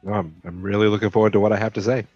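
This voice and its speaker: A man co-hosting a comedy podcast, tossing in dry, deadpan quips. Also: lowish voice, racing, breathy edge, dry recording, faint music behind. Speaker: podcast co-host. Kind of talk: casual comedic chat. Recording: dull lo-fi dry mic.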